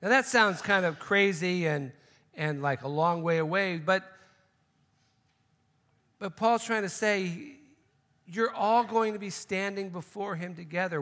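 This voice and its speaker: A man's voice: high-pitched, a little slow, long pauses, a bit bright, in a large hall. A man preaching a sermon, telling a joke story and then making emphatic, repeated points. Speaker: pastor.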